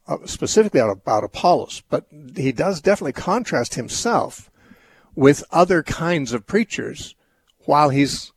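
A man's voice: mid-range voice, husky, dry recording. A man hosting a call-in radio show, answering Bible questions in a thoughtful, rambling way with many restarts.

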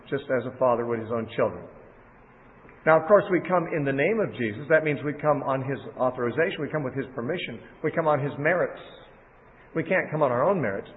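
A man teaching from the Bible in a sermon, talking conversationally and putting scripture into everyday words. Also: a little high. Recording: phone-like audio in a reverberant hall.

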